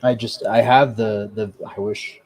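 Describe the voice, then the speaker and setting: A man talking on a live stream, halting and repeating words as he speaks. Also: on the low side, steady tone, rough recording. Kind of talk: casual live-stream talk.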